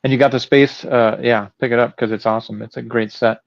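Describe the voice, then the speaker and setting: A man's voice: mid-range voice, fairly even intonation, fast talker, gravelly, lo-fi sound. A man chatting in an easygoing way on a collectors' panel, agreeing a lot and trailing his sentences. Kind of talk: casual chat.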